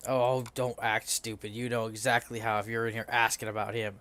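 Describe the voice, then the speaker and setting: A man voicing a surly minotaur in a tabletop game, gruff and dismissive. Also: fairly low pitch, little pitch movement, fairly quick, fairly bright tone, lightly acted. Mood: suspicious. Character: surly male minotaur tavern-goer, suspicious.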